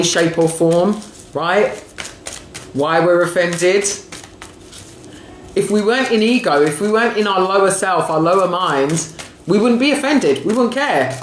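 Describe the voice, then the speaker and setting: Affectionate woman in an echoey room. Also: mid-range voice. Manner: affectionate, calls viewers darling and sweetie, often asks "right?"; laughs often while talking. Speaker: spiritual reader and coach. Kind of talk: live-streamed oracle reading. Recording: echoey room with faint background noise.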